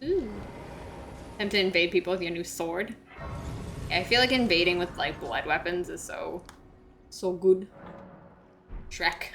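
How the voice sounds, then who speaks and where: A woman's voice: on the low side, measured pace, long pauses, over music. A woman streaming a video game, chatting casually with her viewers, joking and reacting aloud.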